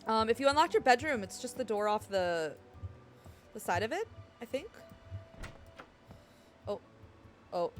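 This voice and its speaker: A woman with a slightly high voice talks casually to her live-stream viewers while she plays a game. She sounds playful and excitable, throwing out jokes as she goes, with faint music in the background. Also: measured pace, pauses often.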